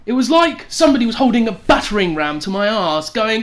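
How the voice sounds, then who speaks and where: Sweary, animated woman telling a story. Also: fairly high pitch, fast talker. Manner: sweary, animated, acts out quotes loudly. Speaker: vlogger. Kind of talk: crude comic storytelling.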